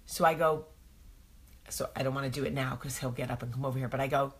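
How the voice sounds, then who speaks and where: A woman's voice: rumbling low, fairly even intonation, quick pace, slight background noise. A woman hosting a casual morning chat show, rambling through a story with many ums. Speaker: host.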